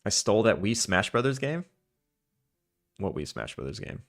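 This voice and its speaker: A man's voice: on the low side, very animated, normal speed, creaky, long pauses. A man from Long Island with a Long Island accent, streaming a game and chatting casually with his viewers in a rambling, chuckling way. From Long Island, New York. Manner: chatty, rambling, chuckles while talking to chat. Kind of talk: casual chat while gaming.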